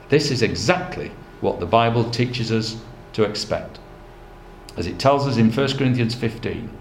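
A man preaching a sermon, earnest and measured, weaving in scripture quotations. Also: mid-range voice. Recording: echoey room with faint background noise.

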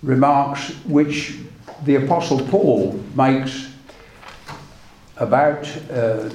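A man preaching a sermon, retelling scripture in a measured storytelling way and reading old verses aloud. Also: mid-range voice, darkish tone, reverberant, a little hiss or hum.

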